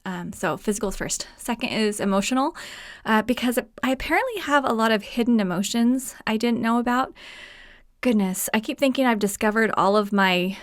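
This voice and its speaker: A woman's voice: on the high side, fairly quick, no room sound, studio quality. A woman hosting her own podcast alone from a room at home, chatting casually with many fillers and frequent laughter. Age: adult mother. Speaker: podcast host. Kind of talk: solo podcast talk.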